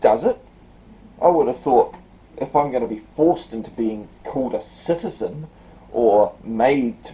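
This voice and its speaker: A man with a very deep, mellow tone reads letters aloud and mocks them. His delivery is sarcastic and scornful, with a faint hiss of noise underneath. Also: rough recording. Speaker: video creator. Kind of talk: reading letters aloud with commentary.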